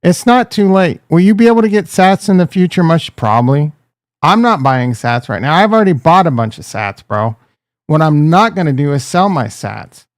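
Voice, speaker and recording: A man's voice: on the high side, expressive, normal speed, no echo, clean studio sound. A man hosting a casual livestream, joking and ranting, talking straight to his chat and calling viewers bro and dude. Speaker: crypto livestream host.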